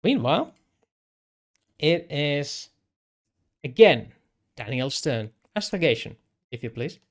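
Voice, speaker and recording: A man running a tabletop game as game master, speaking haltingly with frequent restarts. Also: fairly high pitch, very animated. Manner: halting, with many restarts and laughs.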